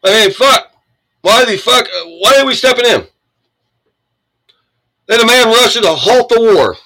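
A man's voice: very high-pitched, animated, unhurried, pushed and bright, poor audio. A man from the United States ranting angrily and sarcastically, swearing as he reacts to the news he reads. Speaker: commentator reading the news. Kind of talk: profane political rant.

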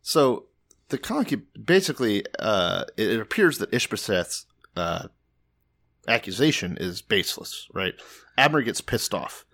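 A man's voice: on the low side, big pitch swings, a little slow, a bit bright. A man co-hosting a podcast in casual chat, joking crudely and swearing freely. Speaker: podcast co-host.

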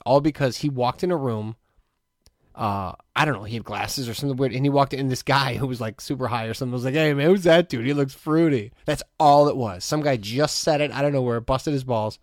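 A man co-hosting a podcast, telling stories in a casual chat and acting out other people's lines in sudden high voices. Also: no echo, clean studio sound. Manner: animated, acts out other people's voices with big pitch jumps. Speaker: podcast co-host.

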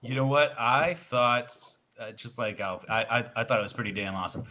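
A man's voice: mid-range voice, brisk, pushed and bright, slight background noise. A man guesting on a podcast, giving upbeat opinions in casual chat.

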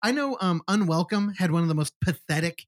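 Animated man recapping a movie. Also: sits high, fairly quick, no echo. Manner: animated retelling, acting out characters' lines with lots of swearing. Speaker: podcast host. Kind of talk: casual movie review chat.

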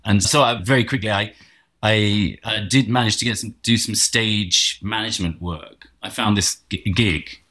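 A middle-aged man with a posh English accent spins rambling, wry anecdotes in relaxed conversation, often doubling back on himself. His voice sits on the lower side. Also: moderate pace. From England. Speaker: guest. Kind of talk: casual storytelling chat.

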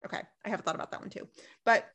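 A woman's voice: very fast, a bit bright. A woman co-hosting a podcast, recapping a TV episode in casual chat, ranting emphatically and swearing freely.

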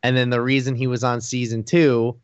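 A man's voice: medium pitch, little pitch movement, fairly quick, no room sound. Rambling male podcast host, dull dry sound. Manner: rambling, heavy use of "like", laughs often. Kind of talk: casual chat.

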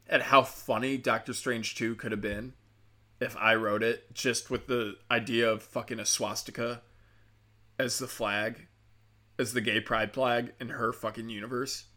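A man's voice: mid-range voice, bright, forceful tone. A man hosting a show, ranting in profane, sarcastic commentary and mocking the people he talks about.

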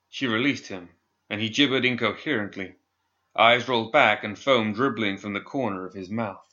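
Low, bright male voice, measured narration, dull lo-fi recording. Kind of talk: scripted audiobook narration.

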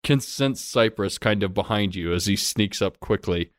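A man with a lowish voice narrates a tabletop game as dungeon master. His descriptions run loose and casual, full of "kind of", and the sound is dry and close. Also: moderate pace, no room sound.

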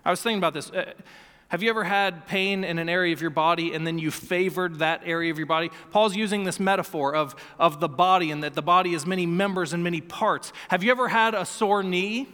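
A man's voice: high-pitched, fast talker, pushed and bright, clean tone, in a large hall. A man in his thirties preaching a sermon as pastor, earnest and emphatic, often repeating key phrases. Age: 30s. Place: church sanctuary.

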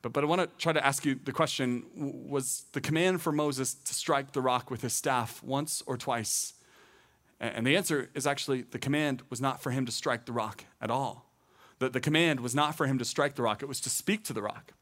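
A man's voice: medium pitch, brisk, fairly bright tone. Earnest man preaching a sermon. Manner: conversational, earnest, repeats phrases for emphasis. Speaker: teaching pastor.

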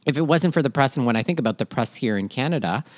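A man's voice: medium pitch, animated, quick pace. Reflective male podcast co-host. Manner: reflective, hedging with "kind of" and "like". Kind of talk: casual discussion.

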